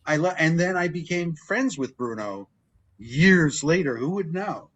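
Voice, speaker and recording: A man's voice: on the high side, measured pace. An older man, a wrestling ring announcer, telling stories as an interview guest and acting out remembered dialogue. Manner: animated storyteller who acts out remembered dialogue. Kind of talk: casual interview storytelling.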